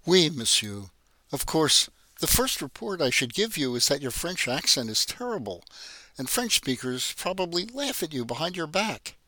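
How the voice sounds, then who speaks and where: A man voicing a guarded, sharp-witted young woman working as a hotel maid. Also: on the high side, big pitch swings, moderate pace, no echo, voice pushed up, heavily acted. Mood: wry. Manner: polite, composed, quietly defiant.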